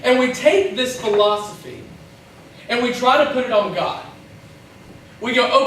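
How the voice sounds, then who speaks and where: A young man preaching in a church, his voice high for a man. He tells the story vividly, acting out its voices and slipping in quick asides, picked up from across a very echoey hall. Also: expressive, a bit bright, recorded from a distance, a little hiss or hum. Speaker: pastor. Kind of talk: sermon.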